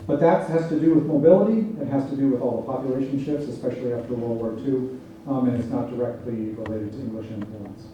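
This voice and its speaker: A man's voice: medium pitch, fast talker. A man giving a lecture and answering audience questions, explaining points and asking "right?" as he goes. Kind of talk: public lecture Q&A. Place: lecture hall. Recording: echoey hall, distant mic, faint noise.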